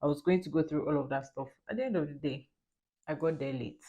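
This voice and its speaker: A young woman with a notably low, deep-set voice, talking casually to her camera while getting ready. She tells her story in a chatty, animated way, laughing easily between lines. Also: quick pace, dull audio. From Nigeria. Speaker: lifestyle vlogger. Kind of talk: casual get-ready-with-me chat.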